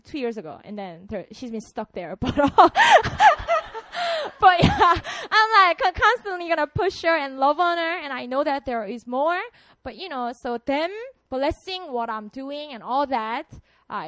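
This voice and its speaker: A young woman from South Korea, giving an animated personal testimony and laughing often. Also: sits high, dry recording.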